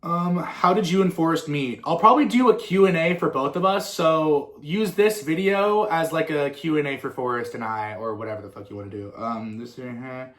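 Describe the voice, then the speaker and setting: A man's voice: a little high, normal speed, hardly any pauses, fairly bright tone. Rambling young man in a roomy space. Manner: rambling and swearing, full of fillers and tangents. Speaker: musician and content creator. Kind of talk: casual Q&A chat. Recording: roomy echo.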